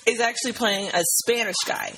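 A woman's voice: a little high, steady tone, brisk, a bit bright, breathy edge, rough recording. A young woman co-hosting a podcast, casually recapping a movie in a rambling, enthusiastic way full of fillers. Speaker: podcast co-host.

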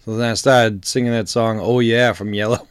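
A man co-hosting a casual podcast while sick, his voice deeper than usual, dropping dry wisecracks. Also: steady tone, moderate pace, smooth, dry recording. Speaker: podcast co-host. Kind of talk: casual chat.

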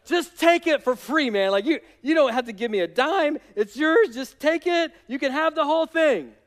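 A man's voice: very high voice, lively intonation, moderate pace, a bit bright, big-room sound, voice pushed up. A man voicing a nervous male landowner who pleads in casual slang. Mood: nervous eager.

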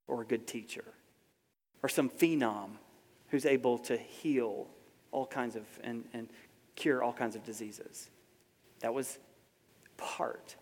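A man delivers a sermon in a relaxed, conversational tone, dropping low and then lifting into emphatic bursts. His voice sits at an everyday middle pitch. A long reverb trails behind him, as in a large church hall. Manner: conversational preaching, swings from soft to emphatic. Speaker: pastor.

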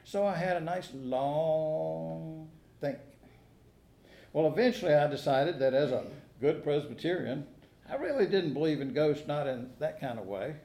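A male pastor's sermon leans on folksy storytelling, dry humor and rhetorical questions to the pews. His fairly high voice is creaky and dark, animated yet unhurried, captured in an echoing church sanctuary.

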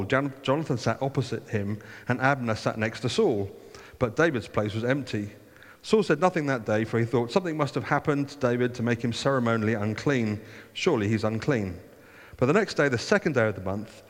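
A man's voice: medium pitch, big-room sound. A man reading a Bible passage aloud as a preacher, stopping often to comment in a casual, conversational way. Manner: reads scripture then breaks off to comment conversationally.

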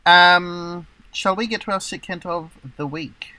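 A man with a bright, forward voice hosts a relaxed podcast chat. He rambles playfully, and his talk is full of fillers and restarts. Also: sits high, measured pace, dry recording. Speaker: podcast host.

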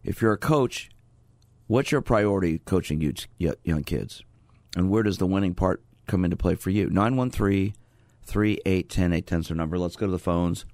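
A male sports psychologist hosts a call-in radio show from the studio, his voice very low and gravelly. He talks in a steady, conversational way, and the sound is close and dry with no room around it. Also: moderate pace, dry recording.

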